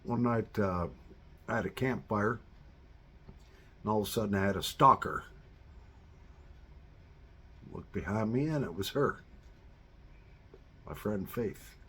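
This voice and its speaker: A man's voice: lowish voice, fairly bright tone, husky. A man telling a casual personal anecdote in a rambling way, with lots of fillers and restarts. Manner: rambling, with many fillers and restarts, drawn-out delivery. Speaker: storyteller.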